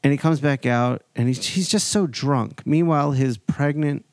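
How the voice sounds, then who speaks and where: A man in his forties spins a casual anecdote and slips into other people's voices as he goes. His voice has a gravelly edge. The sound is dry and close, with no room around it. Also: a little high, moderate pace, no room sound. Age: 40s. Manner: animated anecdote-telling, acts out other people's lines. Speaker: podcast host. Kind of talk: casual storytelling chat.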